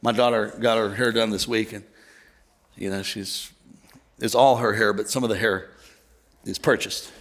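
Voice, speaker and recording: A male pastor preaching a sermon to his church, animated, joking and conversational. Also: fairly low pitch, moderate pace, long pauses, slight background noise. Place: church auditorium.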